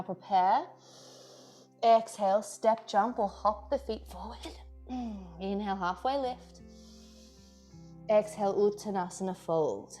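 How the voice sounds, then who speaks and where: A woman teaching a vinyasa yoga class, giving calm step-by-step breath and pose cues with encouraging, playful asides. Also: medium pitch. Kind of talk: guided yoga class instruction.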